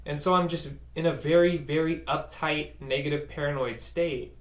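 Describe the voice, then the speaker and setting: A man's voice: fairly high pitch, fairly even intonation, moderate pace. A man telling a personal story in a conversational, self-mocking way, acting out the voices of the people in it. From United States. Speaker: speaker recounting a personal story. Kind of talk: first-person storytelling talk. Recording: roomy echo.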